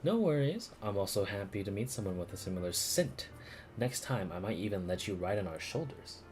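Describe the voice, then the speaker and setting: A man's voice: on the low side, very animated, a little fast, a little mellow, slight background noise. A man voicing a bubbly young woman who pilots a mech, in a light, floaty, raised voice. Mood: playful.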